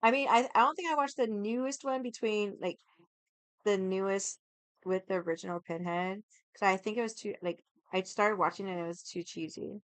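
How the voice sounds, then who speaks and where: Young woman streamer, voice kinda hoarse from yelling but still smooth, dry close sound, rambly casual chat. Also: medium pitch, a little fast, no room sound. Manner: rambling, heavy use of "like". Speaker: livestreamer.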